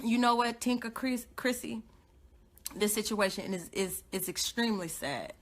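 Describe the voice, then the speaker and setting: A young woman giving an impassioned, confrontational live rant, repeating her points and swinging between loud outbursts and low muttering. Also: moderate pace. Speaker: godmother and activist livestreamer.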